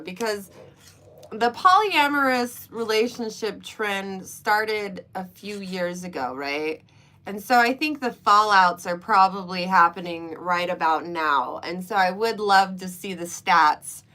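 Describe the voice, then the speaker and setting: A woman's voice: mid-range voice, sharp tone. A woman hosting a casual livestream chat, talking through her views with lots of fillers and frequent laughter. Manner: chatty, laughs often, many fillers. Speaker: livestream host.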